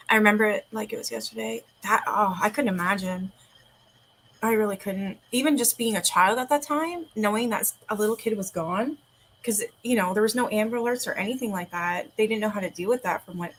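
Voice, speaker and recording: A woman in her forties hosting a relaxed livestream from her home, her voice sitting in an ordinary middle pitch. She rambles between reading aloud and chatting, dropping casual swears, all through a sore throat. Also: a little fast, a little hiss or hum, poor audio. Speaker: livestream host.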